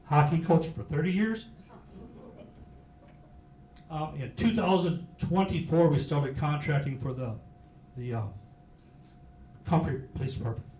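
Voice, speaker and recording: A middle-aged man gives a casual, joking talk to a local audience, pausing often with fillers. His voice sits a little high. The room is echoey, with faint hiss behind him. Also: mellow. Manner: folksy, joking, halting with fillers. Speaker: county sheriff giving a history talk. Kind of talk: informal public talk. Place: meeting hall. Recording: roomy hall with faint hiss.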